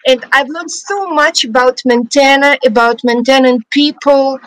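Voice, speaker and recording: A middle-aged Siberian woman with a Russian accent, speaking in a high voice at a moderate pace, chats freely about her life as a guest in a casual storytelling interview. She often restarts sentences and laughs lightly. The studio recording is rough, with no room sound.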